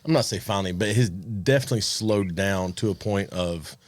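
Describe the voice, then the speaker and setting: A man hosting a podcast, telling animated anecdotes with restarts and chuckles. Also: deep voice, brisk, no room sound. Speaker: podcast host. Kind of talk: casual storytelling chat.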